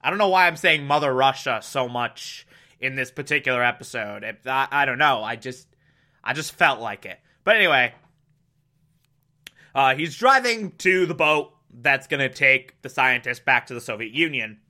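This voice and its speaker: A man giving a casual, animated recap of a TV episode, with frequent exclamations. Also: medium pitch, moderate pace. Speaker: show recapper.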